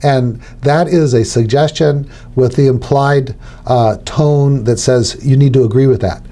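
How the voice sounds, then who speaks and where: A man's voice: mid-range voice, steady tone, measured pace, warm tone. A middle-aged man, a hypnotherapy trainer, explaining techniques in an instructional podcast chat and acting out suggestions aloud.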